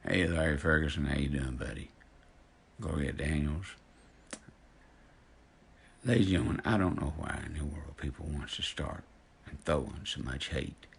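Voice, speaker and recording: A man's voice: rumbling low, normal speed, creaky, breathy edge. A man in his fifties ranting indignantly to his online followers, preaching and calling people out directly. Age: 50s. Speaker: social media personality. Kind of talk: angry direct-to-camera rant.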